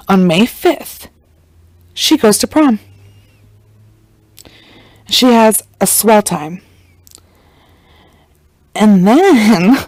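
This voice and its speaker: A woman's voice: a little high, a little mellow, no room sound, poor audio. A woman hosting a podcast, retelling a story in a chatty, slangy way and acting out the quotes. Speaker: podcast host. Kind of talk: casual true-crime storytelling.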